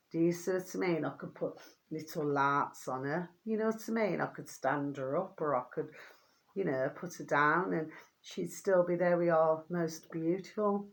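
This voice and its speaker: Chatty woman, rambling and hoarse. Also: sits low. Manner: affectionate, rambling, keeps asking "do you see what I mean". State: getting hoarse. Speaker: vlogger. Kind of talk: casual chatty vlog to viewers.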